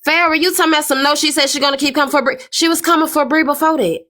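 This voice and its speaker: A woman's voice: sits high, fairly even intonation, rapid-fire, pushed and bright. A woman in a livestream argument, blunt and confrontational, pressing someone to explain herself. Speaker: livestream participant.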